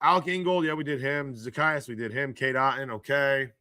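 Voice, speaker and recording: A hoarse man hosting a casual live stream about football news, excitable and laughing often as he reads the chat aloud. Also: mid-range voice, fairly quick, no room sound, studio quality. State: hoarse from screaming.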